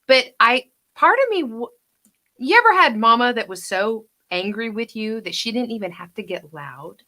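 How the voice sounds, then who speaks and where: A woman giving an actor feedback over a video call, chatty, now and then acting out lines in a hush. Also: fairly high pitch, expressive, normal speed. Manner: coaching, chatty, acts out lines in hushed whispers. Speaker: judge and acting coach.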